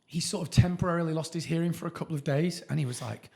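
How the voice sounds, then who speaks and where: A middle-aged man chats on a podcast. His voice sits a little high, and he laughs easily while spinning a story. He swears in passing, relaxed and conversational. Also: quick pace, creaky. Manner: chatty storyteller, laughs often, swears casually. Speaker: podcast co-host. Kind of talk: casual chat.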